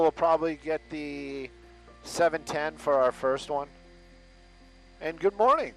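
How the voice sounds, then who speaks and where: A man's voice: fairly high pitch, smooth, poor audio. Man, helicopter traffic reporter, headset mic, live broadcast, faint music. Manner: upbeat on air, offhand and joking off air. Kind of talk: live chopper traffic report and off-air chatter. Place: in a news helicopter.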